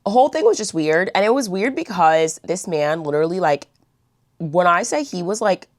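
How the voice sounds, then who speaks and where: A woman's voice: fairly low pitch, lively intonation, normal speed, no room sound, studio quality. A young woman vlogger telling a storytime in a blunt, chatty way, swearing and saying "like" a lot. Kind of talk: storytime vlog.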